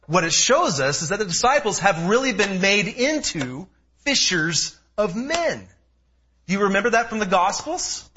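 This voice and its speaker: A man in his thirties preaching an expository sermon, emphatic and animated, with personal asides. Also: high-pitched, moderate pace, slight background noise. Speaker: pastor. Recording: dull lo-fi sound.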